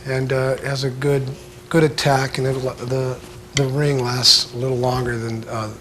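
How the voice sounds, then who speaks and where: A man giving a casual drum lesson, talking in a laid-back, halting way full of filler sounds. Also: medium pitch, little pitch movement, fairly bright tone, slight background noise. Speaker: drum instructor. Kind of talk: casual instructional talk.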